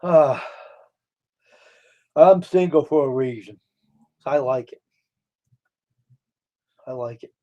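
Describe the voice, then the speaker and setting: A man's voice: mid-range voice, takes it slowly, pauses often, mellow. A man hosting a live stream, telling stories in casual chat in a blunt, boastful way. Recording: dull lo-fi stream audio.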